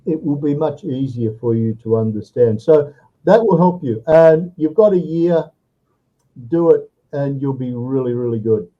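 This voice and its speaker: A man's voice: medium pitch, normal speed, highs cut off. A male English tutor in an online lesson, explaining patiently and checking in with "okay?" after each point. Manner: patient, tags sentences with "okay?" and "all right?". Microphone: video call.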